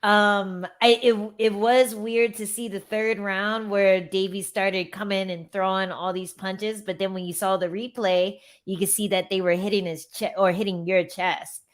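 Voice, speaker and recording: A woman co-hosting a podcast in casual chat, relaxed and teasing. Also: mid-range voice, a little slow, few pauses. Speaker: podcast co-host.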